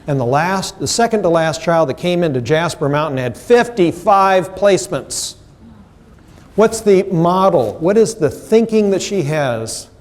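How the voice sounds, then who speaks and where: A man's voice: a little high, darkish tone. Emphatic man lecturing a seminar. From United States. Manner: emphatic, asks the audience questions, acts out quotes. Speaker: seminar presenter. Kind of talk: professional development lecture. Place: seminar room with live audience.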